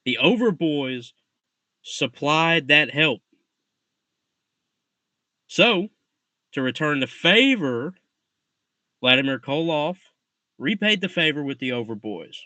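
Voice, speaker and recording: A man co-hosting a wrestling preview show, speaking haltingly and repeating himself as he explains. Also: on the high side, expressive, bright, forceful tone, no room sound. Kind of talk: casual podcast chat.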